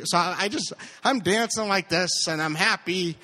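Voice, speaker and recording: Male live storyteller, slightly high pitch, stammering, nervy energy. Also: moderate pace. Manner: stammering, repeats words, animated impressions.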